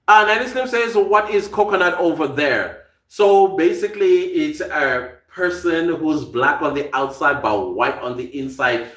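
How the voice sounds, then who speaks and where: A man's voice: a little high, expressive, measured pace, fairly bright tone, reverberant. A South African man with a slight American tinge to his accent, hosting a live podcast and reading out viewer comments, chatty and laughing often. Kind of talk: casual live-stream chat.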